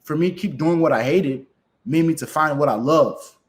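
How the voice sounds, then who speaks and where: A man talks through closing sales with an emphatic, coaching drive. His voice sits somewhat high for a man, and he keeps checking in with "right?" while acting out both sides of phone calls. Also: normal speed. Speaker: sales closer guest. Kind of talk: motivational sales advice chat.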